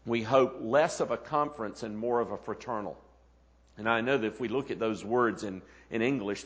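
A man leading a ministers' conference and giving an earnest opening address with frequent fillers and restarts. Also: medium pitch. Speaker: conference leader. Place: conference hall. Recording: long hall reverb.

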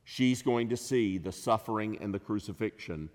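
A man preaching an expository sermon, measured and emphatic, rising in pitch and volume on key phrases. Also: a little mellow. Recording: long reverb of a large hall.

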